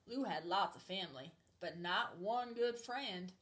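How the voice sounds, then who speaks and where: A woman's voice: on the low side, lively intonation, a little slow, few pauses, fairly bright tone. A woman reading a picture book aloud in a put-on Southern US accent, chatty and friendly. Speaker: storybook reader.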